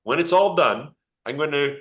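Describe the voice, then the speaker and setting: A man's voice: on the high side, expressive, moderate pace, fairly bright tone. A man, a geologist, giving a joking, informal live demonstration of an electron microscope over a video call and chatting with a child. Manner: playful, joking, talks to a child.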